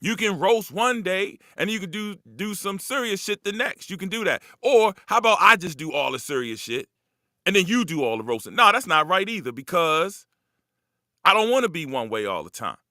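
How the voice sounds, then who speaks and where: A host gives a casual, loose, profane and rambling monologue to a live audience, very animated at normal speed. His voice is bright, forceful and a little high, close-miked and dry with no room sound around it.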